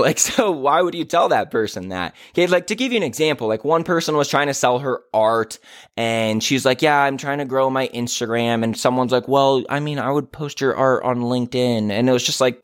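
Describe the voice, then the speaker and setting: A man's voice: mid-range voice, brisk, no room sound, studio quality. A man who works as a business coach talks in an edited podcast monologue, candid and exasperated, acting out quoted remarks as he goes.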